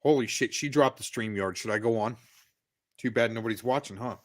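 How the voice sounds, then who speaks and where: A man's voice: medium pitch, brisk, fairly bright tone. A man chatting casually on a livestream with wry, offhand remarks.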